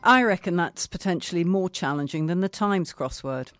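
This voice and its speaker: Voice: medium pitch, normal speed, fairly bright tone, dry recording, soft background music. A presenter giving a wry comment and then reading a newspaper article aloud.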